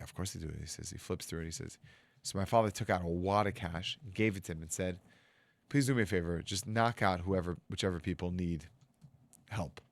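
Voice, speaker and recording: Rabbi man spinning a story, does the voices, lowish pitch, dry studio sound. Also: dry recording. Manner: animated storyteller acting out quoted voices. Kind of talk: storytelling talk.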